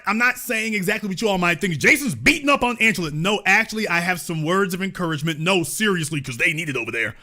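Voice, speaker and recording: A man's voice: high-pitched, animated, fast talker, few pauses, pushed and bright. A middle-aged man hosting an online show, giving sarcastic political commentary full of mocking, theatrical rhetorical questions.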